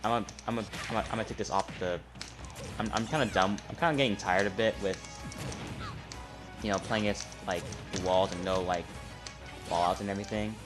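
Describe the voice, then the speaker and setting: A man giving live gameplay commentary, trash-talking the opponent and muttering between loud outbursts. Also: on the low side, fairly quick, pauses often. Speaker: gamer. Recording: loud game music behind voice. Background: fighting game music and effects.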